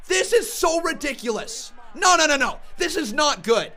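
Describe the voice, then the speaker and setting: A young man with a strikingly high, piercing voice rants at full volume, furious and swearing, repeating his protests over and over. His tone is sharp and forceful throughout, with bleeps covering the curses. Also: animated, moderate pace. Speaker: wrestling reaction vlogger. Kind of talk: shouted angry rant.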